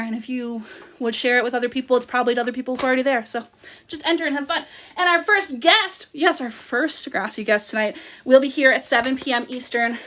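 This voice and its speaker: A Canadian woman in her thirties chats on her livestream with a high, bright voice. She sounds bubbly and gushing, and she keeps thanking her viewers by name in a casual, chatty way. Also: slight background noise. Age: 30s. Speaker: livestream host.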